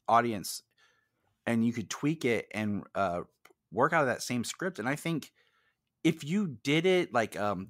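A man's voice: medium pitch, dry recording, clean studio sound. A man appearing as a podcast guest and film expert, talking in a rambling way with many restarts. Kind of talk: casual film discussion podcast.

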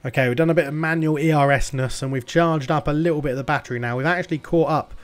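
An excitable man narrates his racing management game as he plays. He swears freely, groans at rival drivers and yells encouragement, with his voice jumping between frustration and cheering. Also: on the high side, fast talker, smooth. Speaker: gaming YouTuber. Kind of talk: game commentary.

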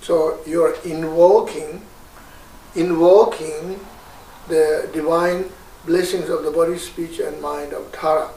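A man with a Tibetan accent teaching a guided meditation, slow and patient with many hesitations. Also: fairly high pitch, fairly even intonation, creaky, dark tone, slight background noise. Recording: roomy, distant mic.

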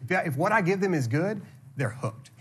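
A man's voice: sits high, lively intonation, moderate pace, fairly bright tone, a little hiss or hum. A barista competitor chatting casually and eagerly explaining his approach. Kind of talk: casual chat.

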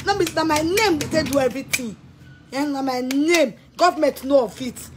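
Nigerian woman, high voice, furious repetitive rant, faint background noise. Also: lively intonation, moderate pace. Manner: heated, threatening, repeats herself. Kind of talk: angry rant to camera.

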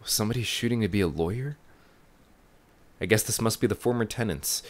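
A man's voice: fairly low pitch, a little fast. A man giving casual let's-play commentary, thinking aloud as he explores. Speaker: let's player. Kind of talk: gaming commentary.

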